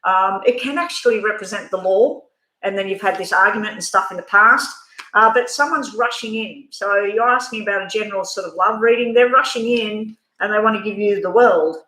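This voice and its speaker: A woman's voice: medium pitch, brisk, bright, forceful tone, reverberant, low-quality recording. A middle-aged Australian woman giving a rambling, frank tarot reading on a live stream. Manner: chatty, rambling, frank with mild swearing. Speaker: tarot reader.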